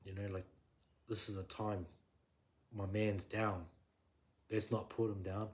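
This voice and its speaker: A man, a podcast guest, ranting in blunt, profane, emphatic conversation that swings up into shouting. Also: on the low side, little pitch movement, unhurried. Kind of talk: heated conversational rant.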